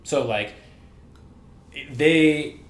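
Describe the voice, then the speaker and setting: A man's voice: a little high, very slow. A man co-hosting a casual chat podcast, retelling a story in a rambling way, swearing freely and leaning on "like" as he goes. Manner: profane, rambling storytelling full of "like". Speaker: podcast co-host. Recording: roomy echoey room.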